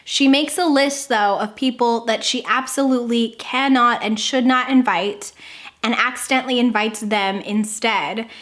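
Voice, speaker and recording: A young woman hosting a casual unboxing vlog, gushing and excitable, with squeals and gasps. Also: a little high, normal speed. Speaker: book vlogger.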